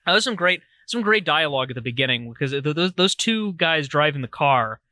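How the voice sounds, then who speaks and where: A man's voice: on the high side, expressive, fairly quick, bright, forceful tone, no room sound. A man co-hosting a podcast, reviewing a film in rambling casual chat with many restarts. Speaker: podcast co-host.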